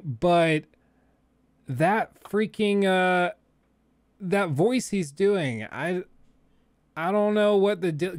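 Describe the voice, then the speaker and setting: A young man reacts live on his stream in a loose, rambling way. He hedges, second-guesses himself and chuckles. His voice sits slightly high, recorded close and dry. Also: no room sound. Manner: casual, rambling, musing aloud with hedges and chuckles. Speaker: streamer, host.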